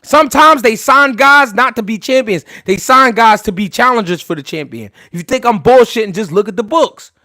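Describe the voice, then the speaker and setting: Brash, high-voiced, cursing boxing host. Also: male voice, lively intonation, bright, forceful tone, no room sound, clean studio sound. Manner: brash, rapid-fire, heavy slang and cursing. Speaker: boxing talk show host. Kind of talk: profane livestream commentary.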